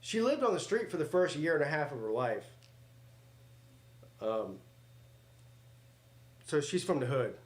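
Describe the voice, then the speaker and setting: A man's voice: fairly high pitch, sing-song, measured pace, pauses often. Joking man hosting a live game stream. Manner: joking, crude, reads chat aloud. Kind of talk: live watch-party commentary.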